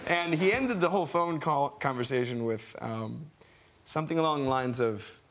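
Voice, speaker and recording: Young male guest, bright voice, rambling and animated, faint hiss under it. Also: on the high side, normal speed. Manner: rambling, animated storytelling with laughs. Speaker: talk show guest. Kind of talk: anecdote on a talk show. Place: TV studio.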